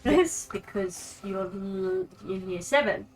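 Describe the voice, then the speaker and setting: An Australian woman narrating a tabletop game as game master, animated and often laughing. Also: medium pitch, slow, a little hiss or hum.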